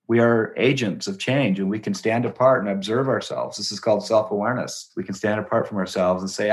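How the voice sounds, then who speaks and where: A middle-aged man talking as a guest in a conversational interview, an animated storyteller who acts out the voices he quotes and laughs as he talks. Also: lowish voice, brisk, few pauses. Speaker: guest, education company president.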